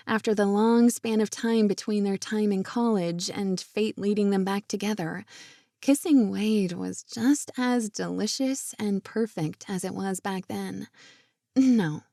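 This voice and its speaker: A woman reading a romance audiobook in a soft, intimate way, close to the mic. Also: medium pitch, dry recording. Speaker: audiobook narrator. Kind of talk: scripted narration.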